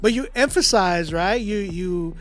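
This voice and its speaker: A man giving a casual, animated song critique to his viewers, talking in a loose, conversational way with slang and fillers. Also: high voice, a little slow. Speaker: music reviewer and producer.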